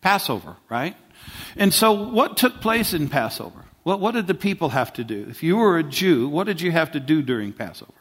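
Guy preaching, chatty sermon, asks the crowd stuff, kinda high voice. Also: big pitch swings, a little fast, a bit bright. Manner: conversational, asks the congregation questions, many restarts.

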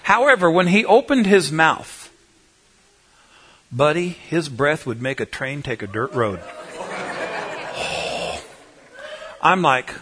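A man preaching a humorous sermon, telling a folksy, animated story that swings between loud and soft. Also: on the high side, slow, pauses often, background noise.

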